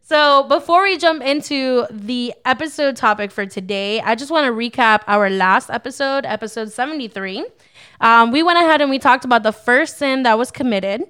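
A woman's voice: on the high side, lively intonation, moderate pace, a bit bright, clean tone. A young adult woman co-hosting a casual Christian podcast, upbeat and a little preachy, laughing often. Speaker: podcast co-host. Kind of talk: casual faith-based podcast talk.

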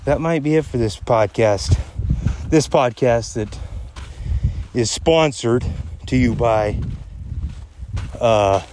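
A man's voice: mid-range voice, slow pace, long pauses, darkish tone, a little hiss or hum. A man hosting a casual podcast while walking uphill outdoors, a little out of breath, rambling, joking and swearing freely. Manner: crude, profane, joking and rambling. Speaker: podcast host. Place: outdoors on a hunting trip.

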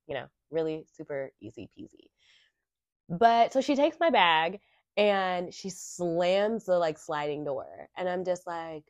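A woman hosts a podcast and tells a casual story in a chatty, animated voice, with plenty of asides to the listener. Her pitch rises and falls all over the place. The recording is dry and a little dull. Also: normal speed, dry recording. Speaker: podcast host. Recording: dry, slightly muffled lo-fi recording.

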